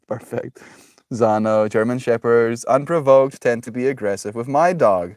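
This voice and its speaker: A man's voice: medium pitch, steady tone, a little slow, a little mellow, smooth, no room sound. Joking young man streaming, dry sound. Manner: reads chat aloud, laughs often, jokey. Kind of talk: casual live-stream chat.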